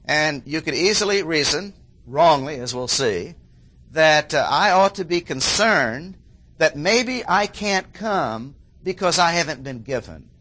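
A man preaching an expository sermon, repeating key phrases for emphasis and often clearing his throat. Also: on the high side, expressive, unhurried, pushed and bright.

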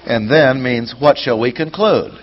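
A man's voice: mid-range voice, measured pace. Methodical male Bible teacher. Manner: methodical, reads verses aloud then explains; poses rhetorical questions to listeners. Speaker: preacher teaching scripture. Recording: dull lo-fi sound with faint noise.

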